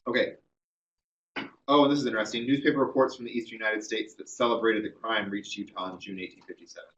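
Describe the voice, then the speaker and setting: A man's voice: fairly low pitch, steady tone, fast talker, a bit bright, far from the mic, muffled recording. A man giving a classroom history lecture, telling the story conversationally with many ums and uhs.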